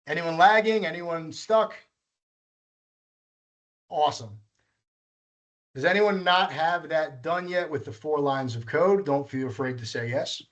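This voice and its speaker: Leading a live coding workshop, this man speaks in a fairly high, slightly bright voice at a measured pace with long pauses. He patiently walks through each step and corrects himself along the way.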